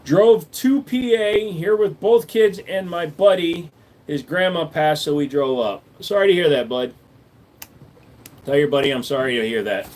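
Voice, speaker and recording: A man's voice: a little high, animated, measured pace, darkish tone, slight background noise. A man chatting casually on a live stream at home, joking with viewers and talking to his dog. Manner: chatty, jokey, talks to his dog in a baby voice.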